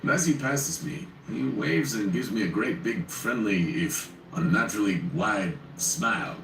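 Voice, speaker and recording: A man with a deep but animated, bright voice tells a first-person horror story with wry asides. He sounds set back from the mic in a roomy space, with faint ambient noise. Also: measured pace, gravelly, few pauses, distant mic. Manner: wry, conversational.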